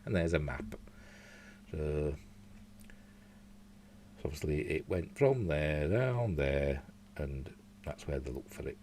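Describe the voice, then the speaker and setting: A man's voice: very deep voice, animated, takes it slowly, long pauses, darkish tone, breathy edge. A man with a Yorkshire accent hosting a casual news chat at home, reading articles aloud with rambling asides. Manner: rambling, chatty, with asides and slips. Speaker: news show host. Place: home room.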